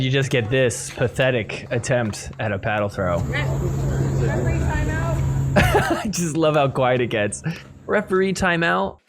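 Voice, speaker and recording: A man hosting a podcast, recapping sports clips in a casual, joking way and laughing often. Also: a little high. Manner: laughs often, acts out players' thoughts in quick asides. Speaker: podcast host.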